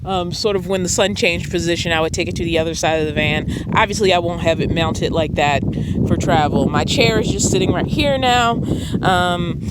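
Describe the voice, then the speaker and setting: A woman talks casually at an outdoor desert campsite beside her van, rambling and often pausing with ums. The recording has clear, steady background noise around her voice. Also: fairly low pitch. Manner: chatty, rambling, frequent ums. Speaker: van-dwelling vlogger. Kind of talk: casual chat.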